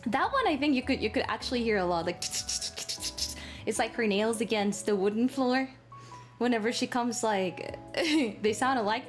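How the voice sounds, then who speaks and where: High lively woman streamer with sore throat. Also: unhurried, soft background music. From Latin America. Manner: animated, swears freely, talks straight to chat. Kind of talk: casual livestream chat. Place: her apartment. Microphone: travel microphone.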